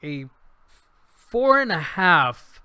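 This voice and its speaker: Speaking extremely slowly, a man with a high, clear, resonant voice co-hosts a podcast, with no room sound in the clip. He casually retells a comedy show like an animated storyteller, acting out quotes and restarting many times as he reviews it.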